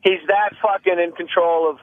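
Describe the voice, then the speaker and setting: Guy on the phone riffing hard, cursing nonstop, doing everyone's lines, kinda high voice, super dry sound. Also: fairly even intonation, no echo, narrow, tinny audio. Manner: profane, rapid, keeps acting out other people's lines. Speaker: phone-in comedian guest. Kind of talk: animated phone-in storytelling. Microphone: phone line.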